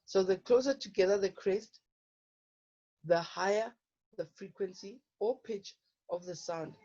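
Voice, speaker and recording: The dull, lo-fi audio of an online lesson captures a woman explaining physical science problems and often asking her students "okay?". Her voice is fairly low, warm and slightly rough.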